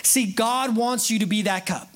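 A man with a high voice preaching in church as pastor. He talks with eager excitement, chatty and quick to joke with his congregation. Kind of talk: sermon. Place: church sanctuary.

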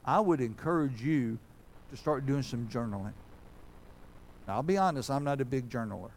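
A man's voice: medium pitch, expressive, moderate pace, slight background noise. A man, a pastor giving a folksy, conversational sermon that builds to fervent preaching.

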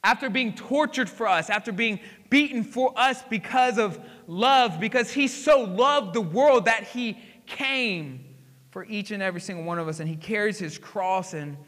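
High bright preacher in a big hall. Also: male voice, measured pace. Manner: dramatic storytelling, swinging from hushed to emphatic. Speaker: pastor. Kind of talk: sermon. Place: church sanctuary.

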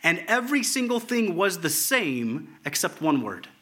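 A man preaching a sermon, reading scripture aloud in an animated way, at times dropping to a hushed tone. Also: high-pitched, normal speed. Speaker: pastor.

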